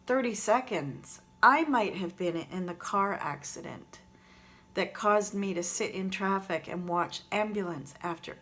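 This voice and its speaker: A woman's voice: medium pitch, fairly bright tone. A woman talking earnestly and reflectively straight to her viewers in a gratitude vlog, recorded on her phone camera. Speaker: vlogger.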